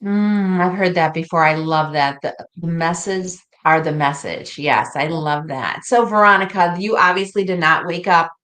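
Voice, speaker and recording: A woman's voice: fairly low pitch, unhurried, hardly any pauses, a bit bright. A woman hosting a podcast interview, affirming her guest and asking open questions. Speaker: podcast host. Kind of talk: interview conversation.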